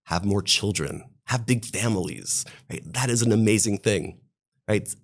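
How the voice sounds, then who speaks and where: A rabbi with a very deep, low voice, speaking. He tells stories with fervour, his voice climbing on the points that move him. He is a podcast interview guest. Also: unhurried. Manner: impassioned, storytelling, voice rising on key points.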